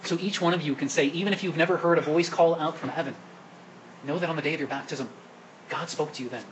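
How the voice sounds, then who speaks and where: Priest giving a homily in church, slightly high voice, keeps quizzing the pews, faint room noise behind. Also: male voice, fast, low-quality recording. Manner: asks the congregation questions and coaxes answers. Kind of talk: sermon at Mass. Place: church during Mass.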